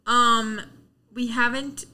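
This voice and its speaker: A woman's voice: fairly high pitch, steady tone, slow pace, bright, forceful tone. A woman co-hosting a podcast in casual political chat, heated and laughing often. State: sunburnt. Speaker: podcast co-host.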